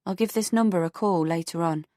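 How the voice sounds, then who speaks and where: A woman's voice: fairly low pitch, brisk, dark tone, no echo, studio quality, lightly acted. A woman reading a tense, guarded heroine. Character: anxious young woman, the first-person heroine.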